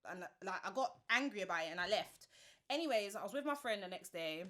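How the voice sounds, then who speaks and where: A woman's voice: mid-range voice, animated, fairly quick, a bit bright. A woman in her twenties with a London accent, telling her story animatedly with plenty of slang as a podcast guest. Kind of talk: casual chat.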